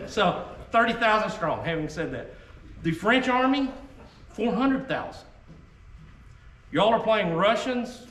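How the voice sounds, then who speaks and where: A man with a fairly high, somewhat bright and expressive voice speaks at normal speed in a Southern US accent. He's casually telling reenactors about muskets in a folksy way, frequently tacking on "okay?" to check in. Echo and faint noise come through from a distant microphone.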